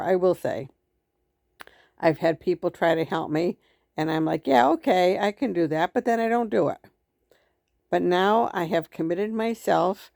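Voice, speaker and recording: A middle-aged woman talks straight to her viewers with earnest, emotional encouragement. Her voice sits low with a gravelly fry, and the recording is dry and close. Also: darkish tone, no room sound. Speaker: network marketer vlogger. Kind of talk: casual heartfelt talk to viewers.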